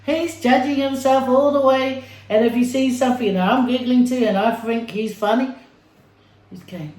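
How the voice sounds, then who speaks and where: A woman's voice: on the high side, fairly even intonation, normal speed, a little mellow. Chatty woman vlogger in an echoey room. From Samoa. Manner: chatty, playful, talking while eating. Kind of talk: casual mukbang chat.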